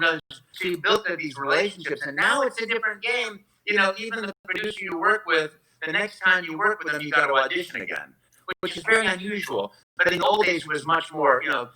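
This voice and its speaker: A man with a very bright, slightly raised voice gushes through his answers as a guest on a live-streamed convention Q&A. He tells rambling stories full of restarts. He talks into a phone propped up at home. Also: high voice, expressive, fast, low-quality recording. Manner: effusive, enthusiastic storytelling with rambling restarts. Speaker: voice actor guest.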